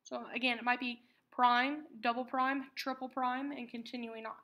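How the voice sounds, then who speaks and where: A woman teaching a math lesson, patiently explaining terms and repeating key words slowly. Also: a little high, level tone, highs cut off.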